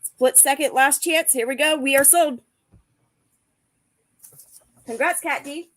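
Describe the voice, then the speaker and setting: A woman hosting a live online auction, briskly announcing lots and bids. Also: high-pitched, a bit bright. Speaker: auction host.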